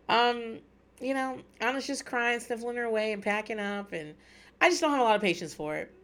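A woman's voice: fairly high pitch, moderate pace, a bit bright. Candid, foul-mouthed woman podcaster. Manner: candid, profane, laughs often. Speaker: podcast host. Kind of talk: casual recap chat.

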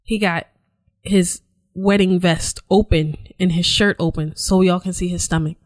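A woman co-hosting a podcast, telling a story in casual chat, animated and profane, acting out quotes. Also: on the low side, a little slow, no echo. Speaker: podcast co-host.

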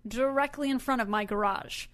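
A woman with a slightly high voice talks like a podcast co-host, animated and emphatic as she tells a story. Her chat is loose and conversational, and she leans hard on the key words. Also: normal speed. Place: lives in Houston area.

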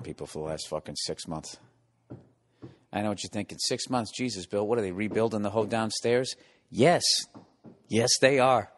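Middle-aged man, casual podcast monologue, profane, sarcastic, recorded at home. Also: deep voice. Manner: profane, sarcastic ranting with mocking put-on voices. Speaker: podcast host. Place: home, construction noise below.

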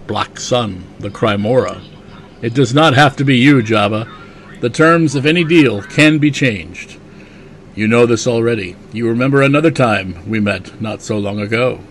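A man reading comic dialogue aloud as a stern, menacing male dark lord, with a measured, commanding delivery. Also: mid-range voice, slight background noise, close to an everyday voice. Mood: threatening.

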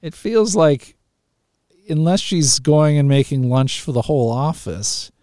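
A male radio host talking through a listener's dilemma, in a mellow, relaxed voice recorded dry and close in the studio. He is chatty and laughs easily, often restarting his sentences. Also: a little high, a little slow, dry recording. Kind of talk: call-in radio talk.

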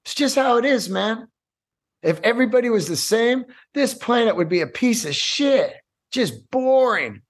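A man hosting a casual solo podcast, swearing freely and rambling in an animated way. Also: extremely high pitch, moderate pace. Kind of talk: casual monologue.

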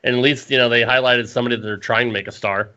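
A man's voice: mid-range voice, steady tone, very fast, bright, forceful tone, clean tone, dull audio. A man co-hosting a casual wrestling podcast, profane and rambling, laughing often. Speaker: podcast co-host.

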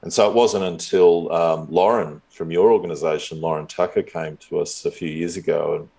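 A man's voice: low voice, fairly even intonation, moderate pace, creaky, dark tone. A man in his fifties telling a long story in a casual, rambling way, chuckling often as a guest in an interview. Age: 50s.

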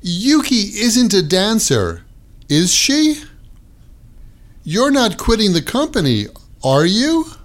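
A man teaching an English grammar lesson on his podcast, with a clear and deliberate delivery. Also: high voice.

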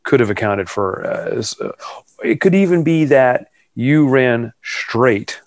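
A man's voice: medium pitch, animated, slow pace, no room sound. A man in casual conversation, chatty and self-deprecating, with frequent restarts. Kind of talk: casual chat.

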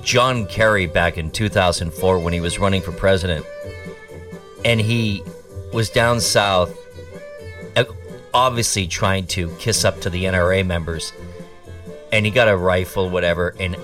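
A man's voice: deep voice, steady tone, moderate pace, pauses often, distant mic, over music. A man hosting a talk show and giving opinionated political commentary in a sarcastic, mocking, rambling way.

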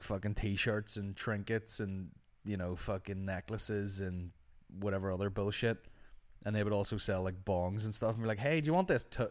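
A man, a comedian hosting a podcast, chatting casually and rambling through listener questions with lots of swearing. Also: on the low side. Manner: swears freely, rambling, sardonic. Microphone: studio microphone.

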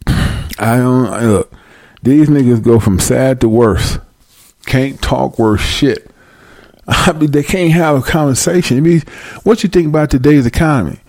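A man hosting a talk show, ranting in a loud, profane, mocking comedic style. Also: medium pitch, measured pace, dry recording. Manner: loud, profane, mocking, uses preacher-like call-outs. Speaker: show host.

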